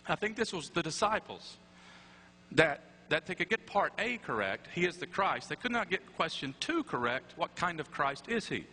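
Bright-voiced man preaching in an echoey chapel. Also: on the high side, sing-song, normal speed. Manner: conversational, with tag questions and wry asides. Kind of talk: sermon. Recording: echoey chapel with faint hum.

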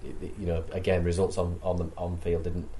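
A man's voice: deep voice, flat delivery, fairly quick, a crowd in the background. A man on a sports panel, chiming in briefly in a laid-back way. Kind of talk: casual studio discussion.

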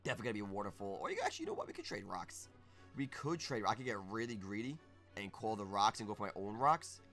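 A young man streaming live gameplay, talking through his moves and breaking into shouts when things go his way. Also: on the low side, fast, faint music behind. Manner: excitable, bursts into shouts.

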